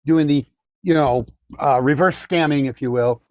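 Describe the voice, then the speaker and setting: Man, radio co-host, chatty storyteller, repeats phrases, slightly high voice, dull lo-fi audio. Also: normal speed, no echo. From Illinois, USA. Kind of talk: casual radio chat.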